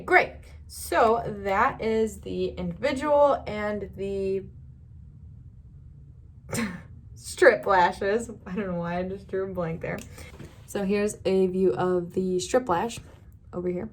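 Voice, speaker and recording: A young woman talks through a beauty tutorial in a loose, rambling way, stopping now and then to laugh. Her pitch sits in the middle and she keeps telling her viewers not to worry. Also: takes it slowly, long pauses. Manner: chatty, rambling, reassuring, laughs often. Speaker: beauty vlogger. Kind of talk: casual makeup tutorial.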